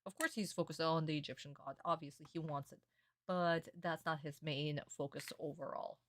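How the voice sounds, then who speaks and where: A young woman streamer in a casual reaction stream, excitable and gushing, swearing often. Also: low-pitched, normal speed.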